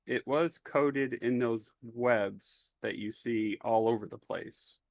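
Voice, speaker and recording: A gravelly-voiced man runs a tabletop game, easygoing and loose as he narrates. His voice sits in a middle pitch with a rough fry underneath. It is recorded close and dry. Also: takes it slowly, no echo. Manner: laid-back, easygoing, lots of fillers. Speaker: game master.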